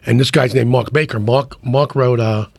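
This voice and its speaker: A man's voice: mid-range voice, fairly even intonation, normal speed, gravelly, a little mellow, no echo. A middle-aged man, a podcast guest, talking in casual conversation and rambling with many restarts. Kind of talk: casual chat.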